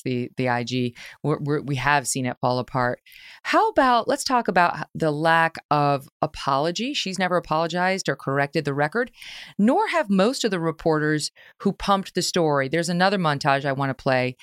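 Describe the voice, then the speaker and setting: A woman's voice: deep voice, clear, resonant tone, no echo, studio quality. A woman hosting a conversational interview, speaking in an emphatic, incredulous way. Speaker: host.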